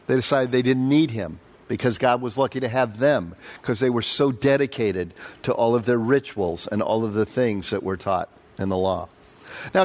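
A man preaching a conversational Bible-study sermon, quizzing the audience and voicing quotes with animated leaps. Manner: animated, jumps up in pitch for quotes. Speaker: pastor. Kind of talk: sermon, verse-by-verse Bible teaching.

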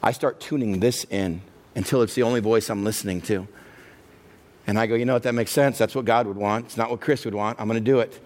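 A middle-aged male pastor preaching a sermon, acting out the inner voices he hears and building to a loud, passionate close. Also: lowish voice, fairly even intonation, fast.

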